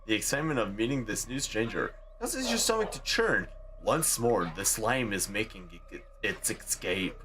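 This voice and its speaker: A man streaming, reading game text aloud with animated commentary and laughing asides. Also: on the low side, moderate pace, few pauses, faint music behind.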